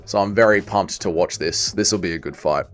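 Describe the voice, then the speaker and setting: A young Welsh man hosting a casual livestream watch-along, chatting excitedly with his viewers and calling the action. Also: deep voice, brisk. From Wales. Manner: excitable, chatty, reads chat aloud. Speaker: livestream host.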